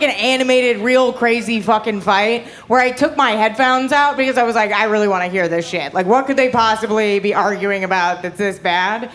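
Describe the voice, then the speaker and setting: A young woman working a comedy club crowd with a high, bright voice. Her delivery is brash and foul-mouthed. She keeps laughing at her own jokes into a handheld stage mic. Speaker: stand-up comedian. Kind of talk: stand-up comedy set. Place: comedy club stage before a live audience.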